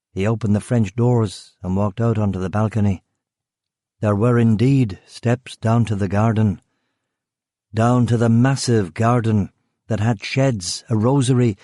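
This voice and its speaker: A man reads a crime thriller in a measured, unhurried way. His voice sits low and mellow, with a dark tone. The recording is close and dry, with no room sound. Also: no room sound. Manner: measured, dry delivery, voicing characters. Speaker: audiobook narrator. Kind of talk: scripted narration.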